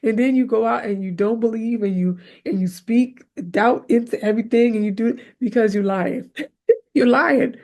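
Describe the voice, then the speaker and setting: A fairly high-pitched woman talks at a moderate pace on her faith podcast. It's casual, spirited motivational talk rooted in faith: she laughs often, keeps asking "right?", and dramatizes her own prayers aloud.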